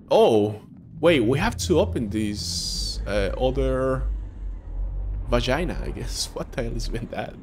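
A young man giving jokey, excitable commentary while playing a game, swearing and reacting loudly. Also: mid-range voice, measured pace, slight background noise. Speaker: gaming streamer. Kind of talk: let's play commentary. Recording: music playing behind.

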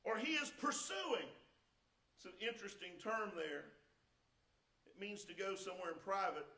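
Male pastor, very high pitch, preaching in a roomy sanctuary, rises to shouts. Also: very animated, moderate pace. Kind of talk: sermon. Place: church sanctuary. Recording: echoey church sanctuary.

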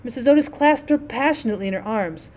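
A woman's voice: fairly high pitch, lively intonation, fast talker, darkish tone. A woman teacher narrating a classic short story as an audiobook, reading steadily and expressively.

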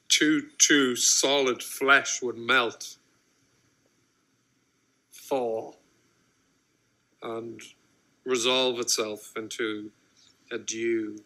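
Hamlet, slow and anguished. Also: male voice, medium pitch, bright, forceful tone, heavily acted. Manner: slow, broken delivery with sudden bursts of anguish. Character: grieving young prince, bitter and shaken. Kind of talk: Shakespearean stage soliloquy from a film.

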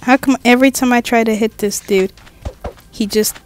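A woman's voice: on the high side, fairly even intonation, moderate pace, noisy background. A woman giving casual, jokey commentary while playing a game, chatting to herself and swearing now and then. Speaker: gaming vlogger.

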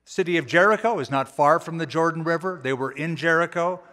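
A man preaching a sermon as a pastor, with a conversational, folksy way of retelling the text and animated quoted voices. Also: on the high side, brisk. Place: church auditorium. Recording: church hall with long reverb.

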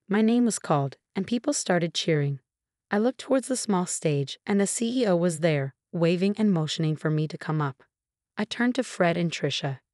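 Woman in her 30s reading a story out, steady, lowish voice, dry close sound. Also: no room sound. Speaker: narrator. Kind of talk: scripted first-person story narration.

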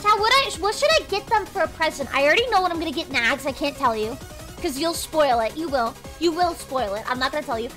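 A young woman hosts a casual livestream from her home desk, chatting in a bubbly, rambling way and leaning heavily on "like" and "freaking." Her voice is high, with lively intonation and a quick pace. Faint music plays behind her.

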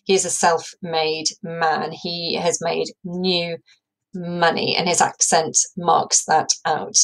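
A woman with a fairly low speaking voice teaches a recorded English lesson. She explains the characters patiently and works her ideas out aloud for her students. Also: level tone, takes it slowly, low-quality recording.

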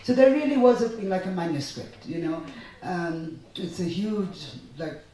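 A middle-aged woman from India, an author and translator, telling lively anecdotes at a literary festival. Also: lowish voice, normal speed. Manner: animated, anecdotal, with acted-out quotes. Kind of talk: storytelling talk at a literary festival. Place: festival hall. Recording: echoey hall, distant mic.

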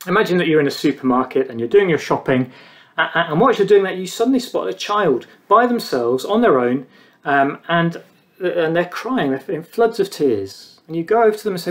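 A high-pitched man delivering a sermon in an earnest, measured way. He pauses between short phrases and lets his voice sink low on the words he wants to land. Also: animated. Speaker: preacher.

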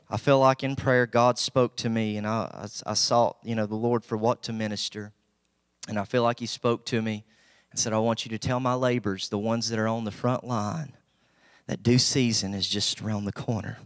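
A man's voice: lowish voice, fairly even intonation, moderate pace, clean tone, no room sound, studio quality. A young man from Southwest Virginia with an Appalachian accent, preaching a folksy, humble sermon that rises to emphatic bursts.

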